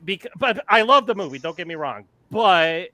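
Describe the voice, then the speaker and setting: A man in his fifties co-hosting a live movie chat, telling stories in an animated, profane way and often repeating words. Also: high voice, normal speed, rough recording. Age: 50s. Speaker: panel co-host of a live movie talk show. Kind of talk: casual chat, storytelling. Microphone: live online video call.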